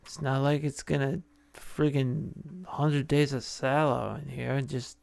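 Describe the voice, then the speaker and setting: A man's voice: medium pitch, steady tone, slow pace, creaky, darkish tone, dry recording, studio quality. A man voicing a patient but dismissive grandfather who brushes off complaints and keeps reading a story.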